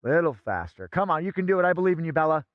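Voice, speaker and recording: A man performing a comic fire act, talking theatrically and bossily and now and then bursting into shouts. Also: a little high, big pitch swings, rapid-fire, dry recording, muffled recording. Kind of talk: comic stage patter.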